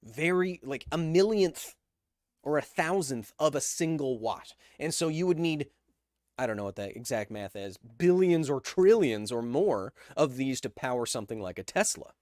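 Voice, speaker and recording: A man's voice: mid-range voice, animated, normal speed, darkish tone, no echo, studio quality. A man in his thirties hosting a casual livestream podcast, chatting loosely and jokingly reading viewer messages aloud. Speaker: podcast host reading live chat.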